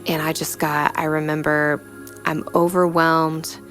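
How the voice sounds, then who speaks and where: A young woman giving a personal faith testimony in a reflective, halting way, full of "you know" fillers. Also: low-pitched, level tone, a bit bright, faint music behind. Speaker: storyteller sharing a personal testimony.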